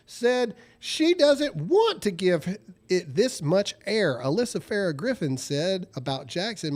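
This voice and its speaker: A man with a faint Southern accent hosting a casual talk show, animated and riffing. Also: sits high. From American South. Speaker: podcast host. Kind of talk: casual show chat and live-read ads.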